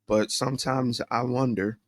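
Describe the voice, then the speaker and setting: A man's voice: medium pitch, fairly even intonation, moderate pace, no echo. A man hosting a solo podcast, talking candidly and introspectively, rambling with fillers and restarts. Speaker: podcast host.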